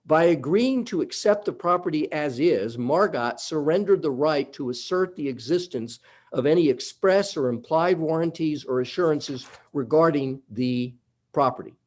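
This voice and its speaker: Male lawyer making a methodical, emphatic courtroom argument; voice sits a little high. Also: expressive, moderate pace, a little mellow. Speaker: attorney.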